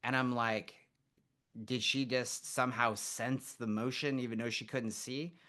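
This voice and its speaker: A man guest on a podcast, telling stories in a casual, animated way and acting out what people said. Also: mid-range voice, unhurried. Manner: animated storyteller, acts out quotes. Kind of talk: casual storytelling interview.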